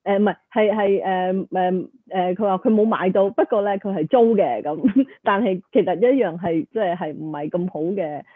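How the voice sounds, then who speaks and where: A woman's voice: medium pitch, normal speed, few pauses, no echo. Brief: woman interview host, hesitant delivery with many fillers, heard over a dry, tinny phone line. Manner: hesitant, with frequent filler sounds. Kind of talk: interview host summarizing for viewers.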